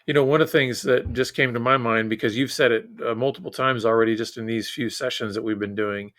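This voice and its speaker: A man's voice: medium pitch, steady tone, quick pace, fairly bright tone, dry recording. A man co-hosting a podcast conversation, thinking aloud and asking open questions. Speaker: podcast co-host.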